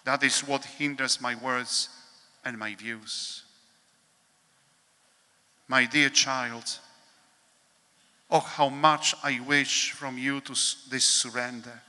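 Slow, bright-voiced priest in a large hall. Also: male voice, mid-range voice, steady tone. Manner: slow, measured, solemn reading with pauses. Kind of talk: reading a devotional meditation at a holy hour.

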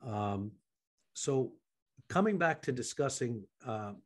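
A man from Canada hosting a podcast interview, asking long, halting questions that trail off quietly. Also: medium pitch, lively intonation, no room sound, studio quality. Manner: halting, many fillers and restarts, trails off quietly. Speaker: podcast host.

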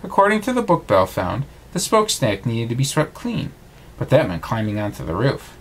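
Husky, expressive dad reading. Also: male voice, medium pitch, a little fast. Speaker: parent reading a bedtime story. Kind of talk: storybook read-aloud.

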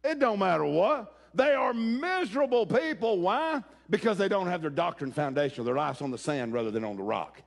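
A man preaching a sermon, folksy and direct with his congregation. His voice sits high with a gravelly edge. The pitch swings widely as he drives his points home and breaks into shouts. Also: expressive, fairly quick, hardly any pauses. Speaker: pastor.

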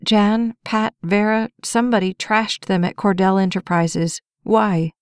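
A woman voicing a frazzled, determined young woman in an audiobook, brisk and flustered. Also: mid-range voice, fairly even intonation, clean tone, no echo, studio quality, close to an everyday voice. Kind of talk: audiobook character voice.

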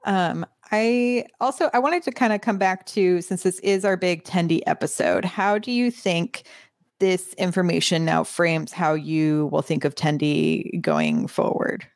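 A woman co-hosting a podcast in casual chat, laughing often and filling pauses with ums. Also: on the low side, expressive, dry recording, clean studio sound. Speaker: podcast co-host.

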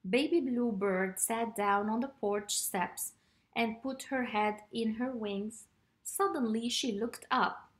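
Slow sing-song woman reading to children. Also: a little high, lively intonation. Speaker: children's storyteller. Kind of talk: read-aloud children's story.

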